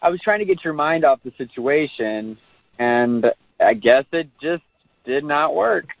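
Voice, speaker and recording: A man's voice: fairly high pitch, lively intonation, a little slow, gravelly, dry recording. A man on the phone to a radio show, defensive and a bit sheepish as he argues about a date. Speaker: caller. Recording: lo-fi phone line.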